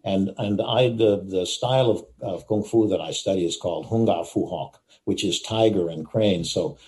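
Low-voiced with a darkish tone, this older man talks at a normal speed. An actor appearing as an interview guest, he vividly acts out moments in animated anecdotes and repeats phrases for effect.

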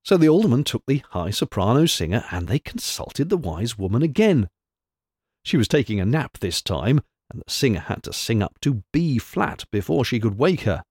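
A man narrates a storybook with expressive, animated delivery. His pitch rises and falls a great deal at a middle height, and the sound is dry and close. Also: moderate pace, slightly rough, no echo. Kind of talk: storybook reading.

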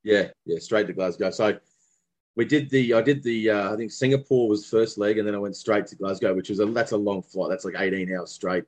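His voice is lowish and darkish, and he talks fairly quickly. He's a Brisbane man with an Australian accent, a former cricketer guesting on a casual interview, reminiscing about cricket in a rambling way with many restarts.

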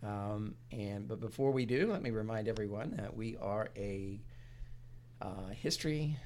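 A man's voice: fairly low pitch, measured pace, darkish tone, slight background noise. A man hosting a true crime history podcast in casual chat, joking and laughing often, with many fillers. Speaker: podcast host.

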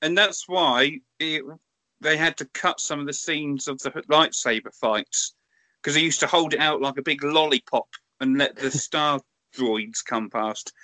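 A man's voice: fairly high pitch, measured pace, sharp tone, dry recording. A man co-hosting a podcast in casual chat, with a nasal voice and dry, teasing remarks. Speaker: podcast co-host.

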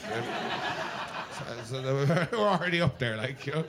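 A man telling an animated stand-up story, swearing and laughing along as he goes. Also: a little high, fast. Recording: live crowd laughing.

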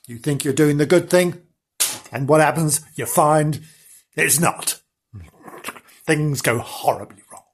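A man's voice: a little high, a little slow, long pauses, slightly rough. A man reading a children's story comically, rambling and melodramatically self-pitying between passages. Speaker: storyteller host.

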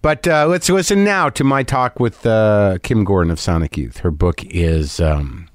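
A man's voice: lowish voice, animated, measured pace, no room sound, clean studio sound. Rambling, profane male podcast host. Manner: rambling, profane, self-deprecating. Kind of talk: casual rambling monologue.

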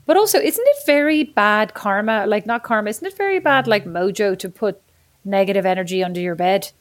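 A woman in her forties co-hosts a podcast in loose, casual chat. She rambles from thought to thought and plays at being indignant. Her voice is an ordinary middle pitch. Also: expressive, fairly quick. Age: 40s. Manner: chatty, rambling, mock-indignant. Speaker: podcast co-host.

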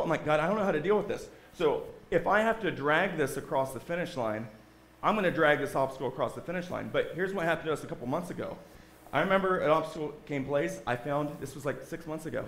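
An earnest man shares his testimony from the front of a church, often pausing on "right?". His voice sits somewhat high, and the sanctuary gives it a roomy echo. A faint hum runs underneath. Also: fairly bright tone. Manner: earnest, keeps asking "right?". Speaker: guest speaker giving a testimony.

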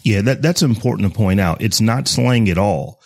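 A man's voice: fairly low pitch, moderate pace, vocal fry, no echo, studio quality. A man hosting a tech podcast, explaining his points steadily and building them up step by step. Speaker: podcast host. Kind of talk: casual tech discussion.

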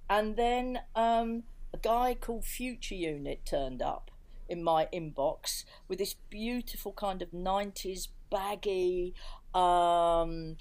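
A middle-aged woman from England, a record label owner, telling an anecdote in a relaxed chat and acting out the voices in her quotes. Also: on the low side, slow pace. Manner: lively storyteller, acts out voices in quotes.

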